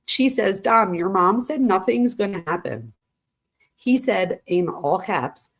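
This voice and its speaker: A woman's voice: medium pitch, lively intonation, takes it slowly. A woman hosting a true crime channel, reading text messages aloud and breaking off with shocked asides.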